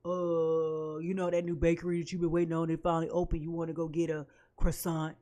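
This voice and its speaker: A woman voicing a smooth-talking man who is trying to woo an ex back with casual sweet talk. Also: low voice, little pitch movement, brisk, dark tone, pitched below the performer's own voice, natural voice. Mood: coaxing.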